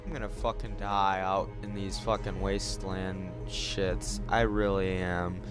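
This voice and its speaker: A man giving profane, excitable commentary on his game as a channel host, yelling when things go wrong. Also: deep voice, measured pace. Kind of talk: let's play commentary. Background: game music.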